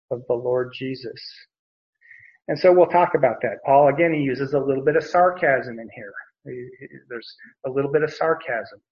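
A man teaching verse by verse through a Bible passage in a conversational, explanatory way, often repeating phrases. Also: medium pitch. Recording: dull lo-fi recording.

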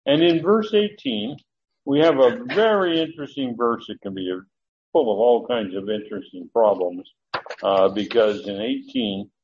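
A man's voice: medium pitch, big pitch swings, moderate pace, vocal fry, dull audio. A man teaching a Bible study, explaining Greek words and acting out the quoted dialogue, with some restarts and fillers as he checks his notes.

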